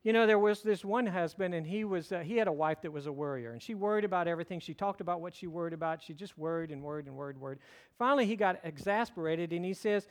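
A middle-aged man delivers a sermon with a notably high-pitched voice. He preaches in a conversational, storytelling way, slipping in light humor as he walks his listeners through the text. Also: fast. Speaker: pastor.

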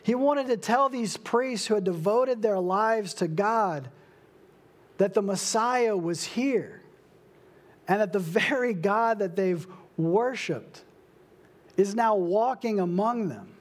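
A young adult man preaching a sermon, slow and emphatic, with dramatic pauses. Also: high-pitched. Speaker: pastor.

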